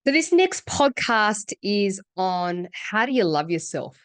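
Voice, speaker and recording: A woman's voice: medium pitch, very animated, takes it slowly, soft background music. A woman hosting a self-help podcast, talking earnestly and repeating words for emphasis. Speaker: podcast host. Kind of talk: reflective self-help monologue.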